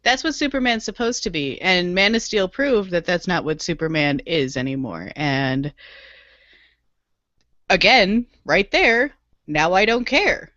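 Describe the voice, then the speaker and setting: A woman's voice: lowish voice, animated, unhurried, sharp tone, dry recording, dull audio. A woman co-hosting a podcast in casual chat, emphatic and repetitive, laughing often. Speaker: podcast co-host.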